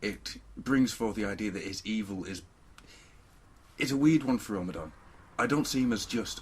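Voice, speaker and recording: A man's voice: on the low side, moderate pace, husky. A man co-hosting a podcast in casual chat, rambling and joking with plenty of fillers. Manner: rambling, jokey, lots of fillers. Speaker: podcast co-host.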